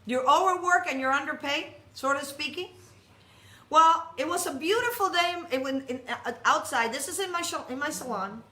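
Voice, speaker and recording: Female preacher with a high voice, animated and humorous storyteller, echoey worship hall. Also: normal speed. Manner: animated, jokey storyteller with many restarts. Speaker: speaker at a congregation. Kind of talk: storytelling sermon.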